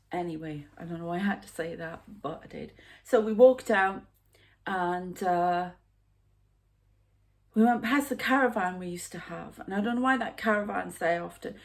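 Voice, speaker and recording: A woman in her fifties, a psychic medium talking through a rambling, halting spiritual vlog monologue with hushed asides. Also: on the low side, vocal fry. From United Kingdom. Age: 50s.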